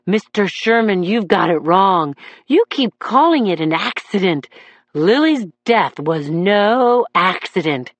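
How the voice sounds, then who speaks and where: A man's voice: very high-pitched, animated, takes it slowly, dry recording, muffled recording, pitched above the performer's own voice, exaggerated voice. A woman voicing a distraught defendant in his thirties, a man whose voice warbles with emotion as he testifies. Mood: agitated. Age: 30s.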